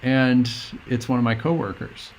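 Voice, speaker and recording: A middle-aged man, a guest, telling a personal story in an earnest, meandering, halting way. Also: mid-range voice, a little hiss or hum.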